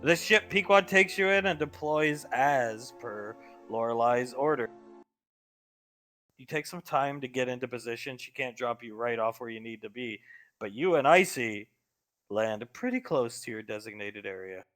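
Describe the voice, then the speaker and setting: A man's voice: medium pitch, moderate pace. A man narrating a tabletop game as game master, with faint music behind. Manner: descriptive, steady narration.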